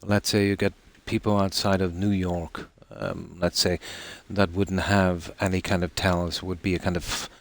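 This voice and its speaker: An Irish man with a notably low, deep voice talks to his live-stream viewers while he plays. He rambles casually, circling back with frequent ums and restarts. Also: level tone, normal speed, hardly any pauses.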